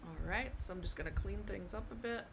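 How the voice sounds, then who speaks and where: A woman teaching Spanish pronunciation in a slow, patient classroom manner, repeating words and checking in with "okay?". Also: medium pitch, gravelly, noisy background.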